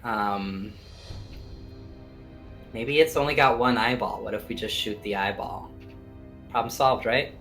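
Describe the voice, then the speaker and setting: A man playing a tabletop game, hesitant and restarting his sentences as he thinks out loud. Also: medium pitch, measured pace, long pauses, soft background music. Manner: hesitant, restarts and laughs between ideas. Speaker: player. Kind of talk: casual tabletop game chat.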